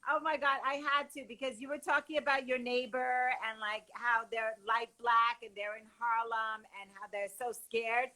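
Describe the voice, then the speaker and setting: A woman from New joins a live stream over her phone as a guest. Her voice is high and bright, and she tells stories in a chatty, excitable way. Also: normal speed, hardly any pauses, low-quality recording. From New York. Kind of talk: casual live-stream chat.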